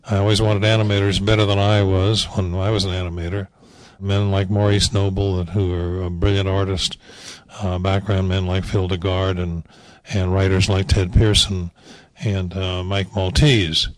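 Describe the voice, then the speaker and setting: A man's voice: deep voice, level tone, moderate pace, no echo, low-quality recording. An older man, a veteran animation director, reminiscing in a rambling, wryly humorous way, with frequent fillers and restarts. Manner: wry, dryly humorous. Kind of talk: anecdotal reminiscing talk.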